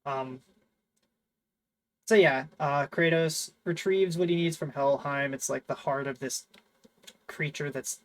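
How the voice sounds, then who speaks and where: A man chatting casually as host, rambling through a story with plenty of fillers and restarts. He sounds enthusiastic, and his voice sits a little high for a man. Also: steady tone, slow pace, long pauses, low-quality recording. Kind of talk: casual chat.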